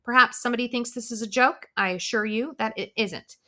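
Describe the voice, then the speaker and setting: A woman voicing a stressed female school principal making a stern, shrill announcement over the PA. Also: fairly quick, pushed and bright. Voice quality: shrill, strained.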